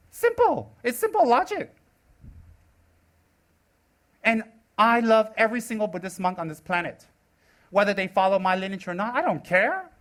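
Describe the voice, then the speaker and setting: Brief: American man in his forties, high-pitched, teaching dharma with sharp sarcastic teasing. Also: moderate pace, pauses often. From United States. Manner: teasing, sarcastic, animated delivery. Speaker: Buddhist teacher. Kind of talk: live dharma talk.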